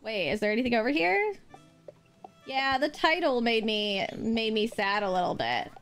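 A woman's voice: on the high side, very animated, moderate pace, fairly bright tone. A young woman streaming a game live, talking playfully and breaking into squealing exclamations. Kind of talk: live let's play commentary. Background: game music.

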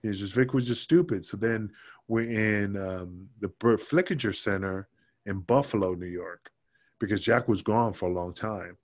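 A man's voice: on the low side, normal speed. A man who is a former wrestler and a podcast guest. He tells stories in a casual interview, swears freely and acts out what other people said.

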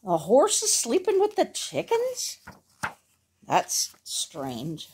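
A woman's voice: fairly high pitch, wildly swooping pitch, slow, a little mellow, slight background noise. A woman reading a bedtime picture book aloud at home, stopping for chatty asides to her dog. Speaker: reader of a children's picture book.

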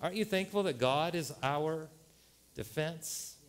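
A male pastor preaching a sermon in a church, animated and joking, jumping to loud punchlines. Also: fairly high pitch, unhurried. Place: church sanctuary.

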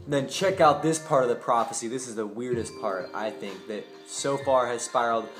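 Young guy from boise rambling thru a story, lots of slang and swearing, music going in the background. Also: medium pitch. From Boise, Idaho. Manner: slangy and profane, loose run-on sentences. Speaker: vlogger telling a personal story.

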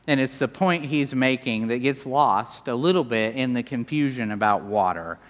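A man preaching a sermon in a church, animated, with wide swings in pitch and volume. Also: moderate pace. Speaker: pastor. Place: large church sanctuary. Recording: long hall reverb.

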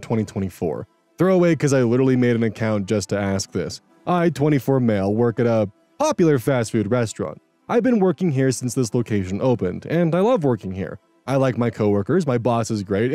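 A man with a mellow, medium-pitched voice and no echo hosts a channel where he narrates Reddit posts aloud. He follows them with earnest, reflective commentary.

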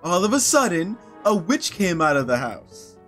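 A man's voice: high-pitched, sing-song, moderate pace, fairly bright tone, soft background music. A man playing a sly old storytelling lady. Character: sly older village woman reading a story.

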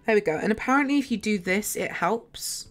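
A woman's voice: medium pitch, expressive, brisk, faint music behind. A young woman livestreaming a game from her bedroom, chatting casually and giggling as she plays. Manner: chatty, giggly, talks to herself while playing. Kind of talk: casual gameplay chat. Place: home bedroom.

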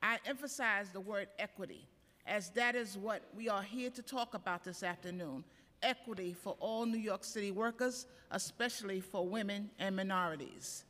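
Woman union leader, bright, emphatic testimony, reverberant chamber. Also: medium pitch, moderate pace. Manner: earnest, emphatic, reads prepared points. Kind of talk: public hearing testimony. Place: council chambers at city hall. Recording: council chamber, long reverb.

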